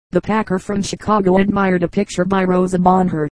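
A woman reading short humorous anecdotes aloud as an audiobook, in an even, measured storytelling manner. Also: fairly low pitch, no room sound, low-quality recording. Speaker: audiobook reader.

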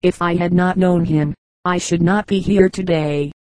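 A woman's voice: fairly low pitch, steady tone, a little slow, a little mellow, no echo, lightly acted, low-quality recording. A woman voicing a kindly, well-bred army captain in his thirties, speaking in a courteous, plain way.

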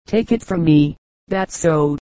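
A woman reading the lines of a blunt, stubborn older riverboat captain with a hoarse, deep voice. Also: slow, warm tone, no room sound, low-quality recording. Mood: blunt, firm. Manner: blunt, firm retorts.

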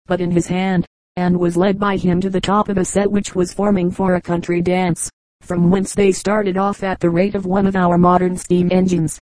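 A woman reading a story aloud in steady, measured scripted narration, with a close microphone. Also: on the low side, no echo, rough recording. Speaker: audiobook reader.

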